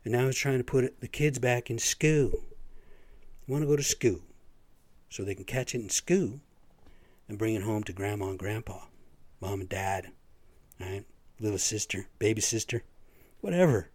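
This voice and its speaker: A man's voice: lowish voice, normal speed, pauses often, dry recording. A man hosting a podcast, ranting in a rambling, profane monologue with a stuffy nose. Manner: profane, rambling, animated storytelling. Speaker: podcast host. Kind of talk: casual monologue rant.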